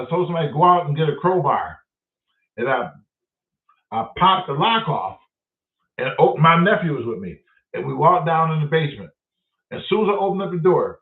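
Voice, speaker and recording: A man telling a story in a casual, profane way and acting out the dialogue as he goes. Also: fairly high pitch. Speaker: show host telling a story. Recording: echoey, distant, phone-like sound.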